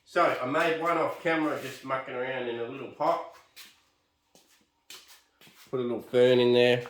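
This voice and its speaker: A man's voice: mid-range voice, steady tone, moderate pace. A man with an Australian accent chatting casually and self-deprecatingly about his bonsai hobby in a backyard shed. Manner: laid-back, self-deprecating, rambling. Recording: roomy echo, mic at a distance.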